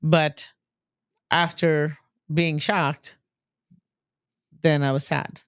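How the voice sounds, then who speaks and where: A woman's voice: low voice, flat delivery, drawn-out words, clean tone, no room sound, clean studio sound. A middle-aged woman co-hosting a podcast in casual chat, teasing and laughing often. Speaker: podcast co-host.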